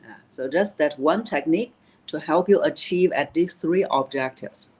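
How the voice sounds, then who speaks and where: A woman's voice: low-pitched, moderate pace, a little mellow, poor audio. Woman voice coach explaining technique. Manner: explanatory, many "uh" fillers, repeats key phrases.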